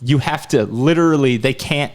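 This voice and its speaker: A man's voice: mid-range voice, moderate pace, a little mellow. Profane man telling loose stories. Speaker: podcast co-host. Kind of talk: casual chat.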